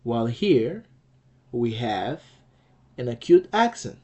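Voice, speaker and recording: A man's voice: medium pitch, sing-song, slow pace, a little mellow, dull audio. A man teaching a language lesson, explaining patiently, repeating key points and checking in with "okay?" as he goes.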